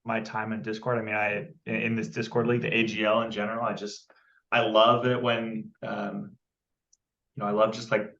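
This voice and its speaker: A man appearing as a podcast guest, speaking in a modest, halting way with many fillers. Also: fairly low pitch, little pitch movement, fairly bright tone, muffled recording. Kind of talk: casual interview chat.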